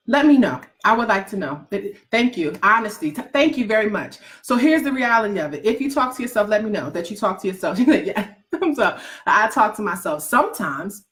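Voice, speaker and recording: A woman with a mid-range, fairly bright voice gives a motivational talk to a live audience of aspiring book writers. Folksy, emphatic, and repetitive, she teases her listeners and calls them "baby".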